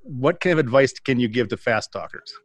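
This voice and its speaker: A man co-hosting an interview, asking questions in a halting, restarting way. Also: mid-range voice, animated, no room sound. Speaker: co-host. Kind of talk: casual interview chat.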